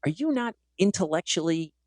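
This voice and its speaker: A man's voice: sits high, a little fast, dry recording. A man hosting a podcast and working as a teacher, telling stories in a casual way and acting out the dialogue. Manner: animated, acts out quoted dialogue. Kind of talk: casual conversational storytelling.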